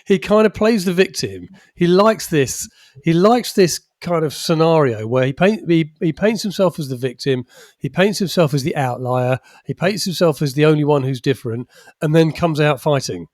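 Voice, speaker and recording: A man's voice: on the high side, animated, normal speed, darkish tone, no room sound. Chatty man, dry close mic. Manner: chatty, laughs mid-sentence. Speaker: podcast co-host. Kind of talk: casual football podcast chat.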